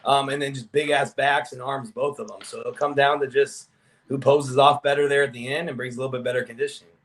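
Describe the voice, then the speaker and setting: A man's voice: mid-range voice, steady tone, fast, a bit bright. A man weighing in as a guest on a casual panel, rambling with lots of "you know" and "like". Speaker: guest analyst.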